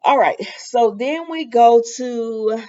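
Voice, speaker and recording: A woman's voice: on the high side, slow, dark tone, dull audio. A woman hosting a casual soap opera recap, chatty and opinionated, with lots of fillers.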